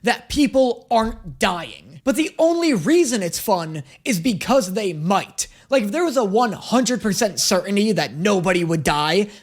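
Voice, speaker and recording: A man's voice: high-pitched, expressive, measured pace, hardly any pauses. A man casually reacting to an anime, with profane, joking asides.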